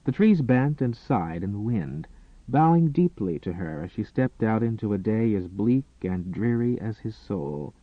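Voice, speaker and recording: A man narrating a romance novel in a dramatic, expressive storytelling manner. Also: fairly low pitch, a little slow, no room sound. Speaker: audiobook narrator. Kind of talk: scripted narration. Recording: tinny, phone-like and dry.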